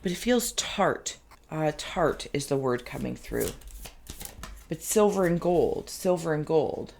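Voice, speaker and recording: A woman reading cards in a reflective, wandering way, often pausing to search for the right word. Her voice sits low and carries a gravelly fry. Her throat sounds phlegmy. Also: lively intonation, darkish tone, slight background noise. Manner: meandering, searching for words, slow and reflective. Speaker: tarot card reader. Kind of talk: intuitive pick-a-card reading.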